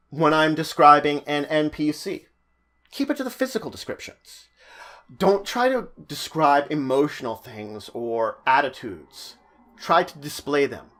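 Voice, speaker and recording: A man giving animated, stop-start advice on running a tabletop game as dungeon master. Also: a little high. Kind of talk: tutorial talk.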